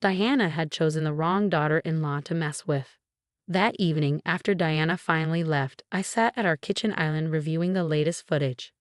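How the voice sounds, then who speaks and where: A woman narrating a first-person scripted story in a steady, measured way. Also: deep voice, no room sound, studio quality.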